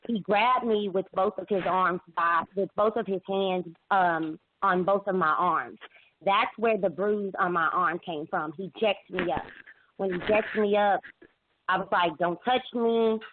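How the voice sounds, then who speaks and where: Woman caller on a tinny phone line. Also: medium pitch. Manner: halting, many restarts and fillers. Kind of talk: emotional call-in account.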